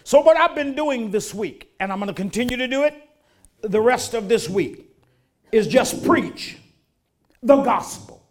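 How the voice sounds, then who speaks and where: Older preacher, lively emphatic sermon. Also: male voice, very high voice, measured pace. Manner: folksy, then rising to emphatic preaching.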